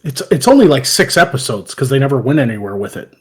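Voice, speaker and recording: Husky-voiced man, profane and animated. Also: medium pitch, fast talker. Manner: profane, animated, laughs loudly while telling stories. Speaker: podcast host. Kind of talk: casual chat.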